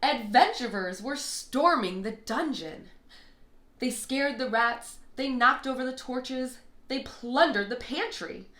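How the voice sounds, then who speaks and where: A woman reading a children's bedtime storybook aloud in an expressive, lilting way. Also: fairly high pitch, slow pace. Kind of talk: read-aloud storybook narration. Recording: echoey room.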